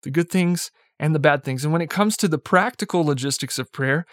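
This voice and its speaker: A man's voice: fairly high pitch, a little fast, no echo. A young man giving a casual sermon, talking conversationally with lots of "like" and "right?" and light chuckles. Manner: chuckles lightly while speaking. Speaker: preacher.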